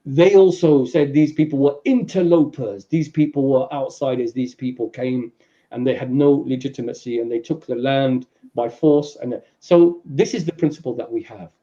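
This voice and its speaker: A man with a London accent explaining at length on a podcast, acting out quoted people in raised, animated voices. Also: medium pitch, normal speed, muffled recording. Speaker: guest speaker. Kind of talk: podcast discussion, lecturing.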